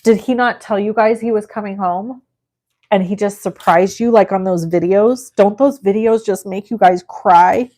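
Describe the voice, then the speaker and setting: Middle-aged lady doing a live craft stream, super chatty and gushy with her viewers, normal mid pitch. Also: normal speed, warm tone. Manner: gushing, effusive and chatty, talking to the chat. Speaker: crafting livestream host.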